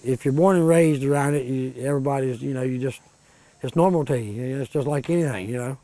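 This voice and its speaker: Warm-toned reflective man. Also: mid-range voice, brisk. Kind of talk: casual interview.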